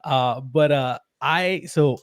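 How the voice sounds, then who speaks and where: A man in his thirties telling a personal story in casual conversation, animated and laughing often. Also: medium pitch, slow, smooth, no echo, clean studio sound. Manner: animated, laughs often, acts out quoted voices. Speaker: podcast guest.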